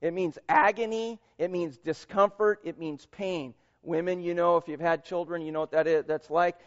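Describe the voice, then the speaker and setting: Middle-aged pastor guy, high voice, goes loud then real quiet, muffled sound in a big echoey hall. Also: normal speed, hardly any pauses. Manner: animated preaching, swings from loud emphasis to quiet. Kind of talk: sermon. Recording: dull audio in a reverberant hall.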